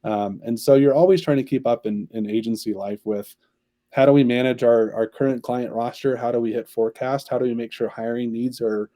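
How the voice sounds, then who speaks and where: A man's voice: lowish voice, mellow, no echo. A man, a company chief executive, answering interview questions at length in an upbeat way. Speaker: agency CEO, podcast guest.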